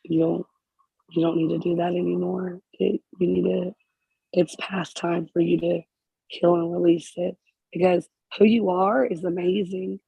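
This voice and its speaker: A spiritual healer speaking in emotional counseling to a group member, halting and repeating phrases, close to tears. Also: medium pitch, little pitch movement, vocal fry, dark tone, slightly rough, no room sound, poor audio.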